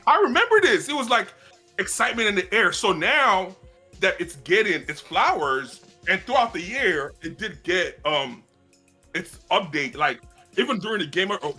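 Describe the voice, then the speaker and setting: A man co-hosting a gaming podcast, talking in a rambling, animated way among friends. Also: sits high, breathy edge. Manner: rambling, animated, restarts sentences. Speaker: podcast co-host. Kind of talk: casual chat among friends.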